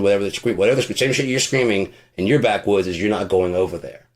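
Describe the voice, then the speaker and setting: Man host, low-pitched, swears constantly, rambles sarcastically through an off-the-cuff rant. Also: fast talker, few pauses. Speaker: podcast host. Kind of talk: casual profane rant.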